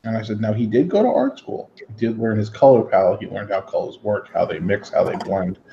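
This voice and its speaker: A man hosting a modeling hangout, rambling through animated stories and acting out the people he quotes. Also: lowish voice, brisk, vocal fry, reverberant, lo-fi sound, slight background noise. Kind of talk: casual storytelling chat. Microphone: headset.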